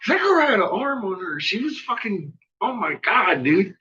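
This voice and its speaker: A man with a husky, bright voice tells a rambling personal story, swearing constantly and laughing between lines. His pitch sits a little high and jumps around a lot. The recording is muffled and lo-fi. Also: sing-song, normal speed, few pauses. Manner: profane, laughs often while telling. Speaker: vlogger.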